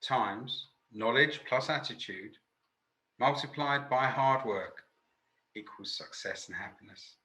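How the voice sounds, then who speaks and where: A man's voice: mid-range voice, slow, sharp tone, roomy sound, slight background noise, rough recording. A man who works as a sales trainer, hosting a webinar in a chatty, jokey, self-deprecating way. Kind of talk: casual webinar talk.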